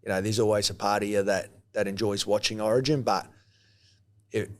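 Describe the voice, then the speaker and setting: A man from New Zealand with a broad Australian-tinged New Zealand accent, talking casually as an interview guest, relaxed and hesitant with frequent ums. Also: on the low side, a little fast. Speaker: guest, former rugby league player.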